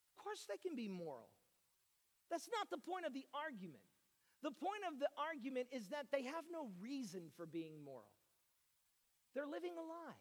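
A man preaching a sermon, animated, switching between loud declarations and hushed asides. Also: very high voice, big-room sound. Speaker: pastor.

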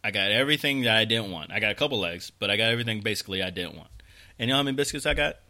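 Animated, swearing man telling a story. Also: on the low side, rapid-fire. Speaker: podcast co-host. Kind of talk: casual chat.

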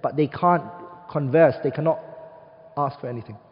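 Emphatic male lecturer, slightly high voice, from the UK, in a dull reverberant classroom recording. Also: normal speed, soft background music. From United Kingdom. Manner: emphatic, asks the class rhetorical questions; mixes Arabic terms into English speech. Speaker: teacher of an Arabic studies class.

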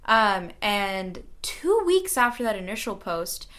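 A woman's voice: medium pitch, very animated, takes it slowly, a bit bright. Chatty young woman student being interviewed. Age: young adult. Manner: earnest, chatty, frequent fillers. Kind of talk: radio interview, casual storytelling.

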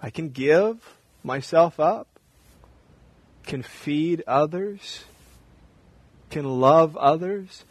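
A man preaching a sermon as pastor in a church, repeating short phrases and swinging from loud emphasis down to hushed, quiet lines. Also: fairly high pitch, lively intonation, very slow, long pauses, no room sound.

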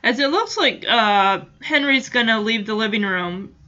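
A woman's voice: a little high, expressive, a little slow, sharp tone, lo-fi sound. A woman hosting a podcast, chatting casually through a recap with many "you know" fillers. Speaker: podcast host.

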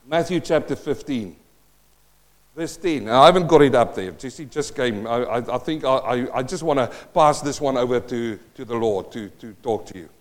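A man preaching a sermon, reading scripture aloud with loud emphatic bursts and dropping to quiet asides, often thinking aloud and restarting. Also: mid-range voice, lively intonation, normal speed. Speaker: pastor.

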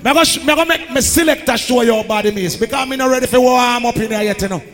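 Mc man yelling slow sing-song hype at a sound clash, bright edgy voice, big echoey hall, music going. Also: very high voice. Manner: shouted, sing-song hype calls in patois. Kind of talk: live dancehall hype hosting. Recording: live hall with long reverb and music.

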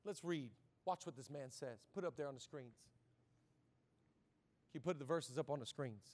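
A man preaching a live sermon as pastor, impassioned and swelling into shouted call-and-response. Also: mid-range voice, moderate pace.

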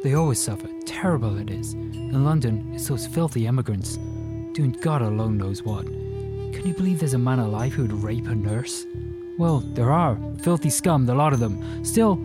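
A man's voice: medium pitch, very animated, loud music behind the voice, natural voice. A man doing a boastful Irish chatterbox. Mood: menacing. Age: 50s. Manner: effusive, talks fast and boasts.

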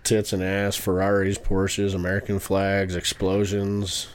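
Young podcast guy, low voice, blunt and jokey, laughs a lot. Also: completely flat delivery, measured pace, a little hiss or hum. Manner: joking, blunt, laughs often. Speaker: podcast co-host. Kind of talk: casual chat.

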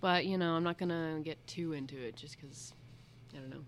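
A woman's voice: sits low, brisk, slight background noise. A young woman co-hosting a casual chat, talking in a rambling, chatty way and often second-guessing herself. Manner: chatty, rambling, self-questioning. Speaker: co-host.

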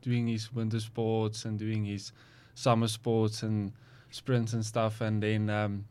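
A young man in his twenties with a South African accent, a guest athlete speaking casually and hesitantly with lots of pauses. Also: lowish voice, clean tone. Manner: relaxed, hesitant, many ums. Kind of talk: casual interview chat.

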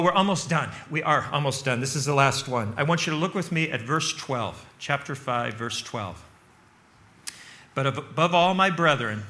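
A man's voice: fairly high pitch, sharp tone. A man preaching a sermon, emphatic and repetitive, often checking in with "right?". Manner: emphatic, repeats phrases, asks "right?". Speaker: pastor. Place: barn.

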